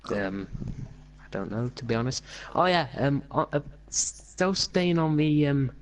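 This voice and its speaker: A man's voice: mid-range voice, expressive, a little slow, a little hiss or hum. A young man hosting a casual podcast, rambling with many fillers and restarts. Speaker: podcast host. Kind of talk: casual chat while gaming.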